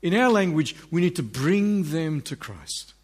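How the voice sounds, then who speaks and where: A middle-aged man delivers a sermon with energy. He slips into the voices of the people in his stories. His voice sits a little higher than most men's. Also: very animated, unhurried. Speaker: preacher.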